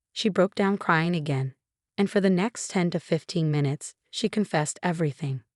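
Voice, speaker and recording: Low-voiced woman narrating a story. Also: darkish tone, no echo, clean studio sound. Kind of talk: scripted first-person story narration.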